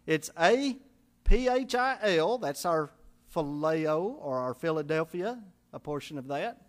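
A man's voice: a little high, lively intonation, measured pace. A man preaching a sermon in a church, folksy and conversational, joking with the congregation and spelling out Greek words letter by letter. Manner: folksy preaching with call-and-response and humor. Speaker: pastor.

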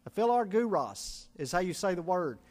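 Male preacher, high-pitched, folksy and humorous, teaching scripture from the pulpit. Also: very animated, moderate pace, a little mellow. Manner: spells out Greek words letter by letter. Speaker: pastor. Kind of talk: sermon.

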